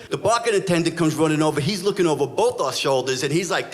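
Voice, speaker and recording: A middle-aged man telling a true police story on stage before a live audience. His slightly high voice swings widely as he builds the drama with blunt, street-tough talk. Faint room ambience sits behind him. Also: expressive, fast talker, hardly any pauses, noisy background. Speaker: storyteller, former police officer.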